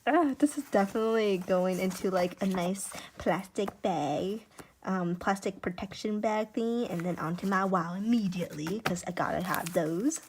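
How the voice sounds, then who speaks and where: A woman chatting casually at home while unboxing gifts. She gushes excitedly, repeats "oh my gosh" and sometimes keeps her voice hushed. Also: medium pitch, moderate pace, slight background noise. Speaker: YouTuber. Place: at home indoors.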